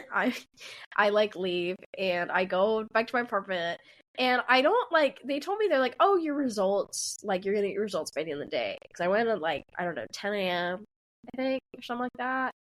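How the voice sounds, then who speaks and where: A woman in her twenties co-hosting a podcast, telling a story in a casual, animated way, often laughing and acting out the people in it. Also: medium pitch, brisk. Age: 20s. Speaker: podcast co-host.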